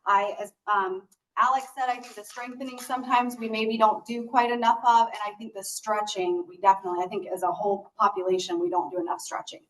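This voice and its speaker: Woman guiding slow breathing stretches. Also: mid-range voice, little pitch movement, distant mic, rough recording. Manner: gentle and encouraging, talks people through each breath. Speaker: exercise instructor.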